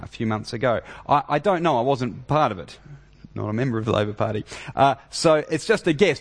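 A man preaching a sermon, emphatic and swinging between loud, animated stretches and hushed ones. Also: mid-range voice, creaky.

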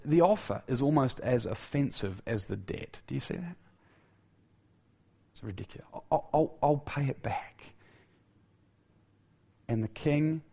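Guy preaching a sermon, punchy and repetitive, lots of restarts, goes quiet and low on the big points, muffled lo-fi audio. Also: creaky, slightly rough. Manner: emphatic, repeats key phrases, frequent restarts; drops to a soft, low voice for key points.

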